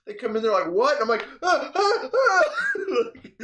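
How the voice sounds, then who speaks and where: A young man co-hosts a loose, casual podcast chat. He tells stories with animated energy, laughs often and swears freely. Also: sits high, measured pace. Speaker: podcast co-host.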